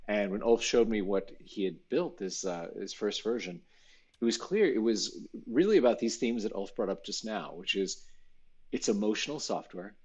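Very deep, husky-voiced man. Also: moderate pace. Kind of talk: casual interview talk.

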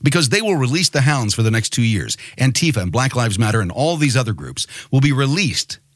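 A man's voice: medium pitch, a bit bright, dry recording. A man hosting a podcast, delivering a rousing monologue full of rhetorical questions. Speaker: podcast host.

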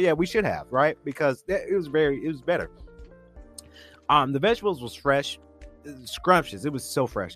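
An enthusiastic man co-hosting a podcast, his mid-pitched voice swinging up and down lively as he chats. He restarts and repeats words while he hunts for the next thing to say, with faint music under him. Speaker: podcast co-host. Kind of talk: casual review chat.

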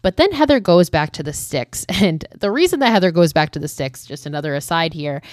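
Low-voiced woman casually recapping a film. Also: lively intonation, a little fast, no room sound, clean studio sound. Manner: chatty, heavy use of "like" and frequent swearing. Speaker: vlogger recapping a horror film.

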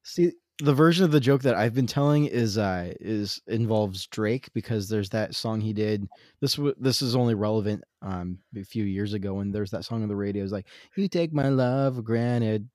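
A man co-hosting a casual podcast, reading dad jokes aloud in a halting, wry way. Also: on the low side, a little mellow, no room sound, clean studio sound. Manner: halting, self-interrupting, wry. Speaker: podcast co-host.

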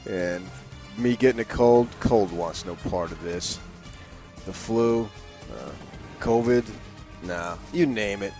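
A man's voice: fairly low pitch, takes it slowly, pauses often, darkish tone, faint music behind. A man co-hosting a sports radio show, joking around with playful boasts. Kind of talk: casual sports radio banter.

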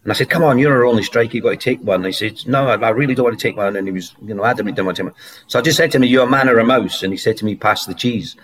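A former footballer, a man, guest on a podcast, telling anecdotes in a lively way and laughing through his stories. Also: on the low side, very fast. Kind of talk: anecdotal storytelling.

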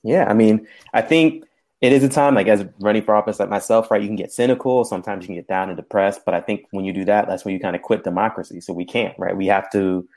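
A man's voice: lowish voice, fast talker, a little mellow. A man running for local office, talking earnestly and hopefully as a stream guest, dropping "right" and "like". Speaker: political candidate guest. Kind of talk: casual interview talk.

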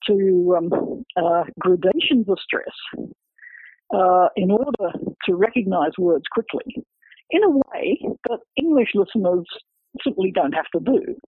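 A man, a researcher, explaining his book's findings in an academic, halting way, full of repeated words and fillers. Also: high-pitched, animated, breathy edge, dry recording. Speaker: researcher discussing his book. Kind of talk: explanatory interview talk. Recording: dry, phone-like radio line.

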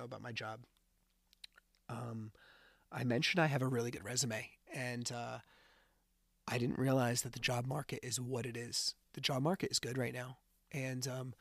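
A man's voice: mid-range voice, creaky, a bit bright, no echo, clean studio sound. A man hosting a podcast, telling personal stories in a chatty, casual way with lots of fillers. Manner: chatty storytelling with many fillers. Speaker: podcast host.

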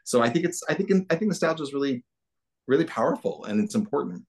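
A man's voice: mid-range voice, animated, fast, a little mellow. A man being interviewed as a guest, talking in an enthusiastic, reflective way with many restarts. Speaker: puppeteer guest. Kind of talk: casual interview chat.

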